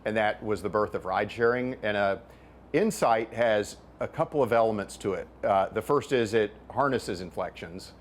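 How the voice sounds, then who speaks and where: There's a little hiss or hum as a middle-aged man, an author and venture capitalist, answers an interviewer in an explanatory way. He tends to repeat words while building a point, speaking at a moderate pace in a fairly low voice.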